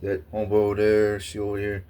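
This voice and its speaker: A man with a lowish voice spins a wild personal story in casual vlog talk. He rambles and swears freely, his delivery excitable and loose. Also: fast. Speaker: vlogger.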